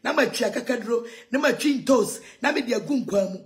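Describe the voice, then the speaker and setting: A Ghanaian woman ranting heatedly in a mocking tone, shouting insults and laughing between lines. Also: fairly high pitch, a little fast. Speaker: self-styled prophetess ranting on video. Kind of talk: heated rant in Twi and English.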